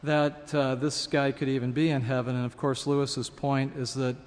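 A man's voice: mid-range voice, flat delivery, moderate pace, a little mellow, long reverb tail. A man preaching a sermon, earnestly teaching and asking his congregation questions as he reads and explains a passage. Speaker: pastor.

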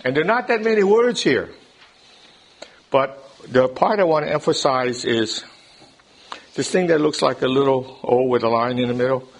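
A man's voice: mid-range voice, normal speed, creaky. A man teaching a Bible study class in a classroom lecture style. He explains things step by step, often checks in with his listeners, and repeats words as he starts a thought.

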